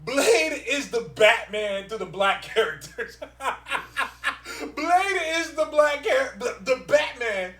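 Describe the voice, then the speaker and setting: A man co-hosting a casual podcast, mocking and exclaiming loudly, laughing often as he rants about comic books. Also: very high-pitched, lively intonation, slow, hardly any pauses, reverberant, distant mic. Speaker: podcast co-host.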